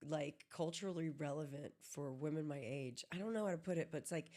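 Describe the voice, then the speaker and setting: Low-voiced American woman, casual podcast. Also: fairly quick. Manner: rambling, animated, joking. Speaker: podcast co-host. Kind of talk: casual chat.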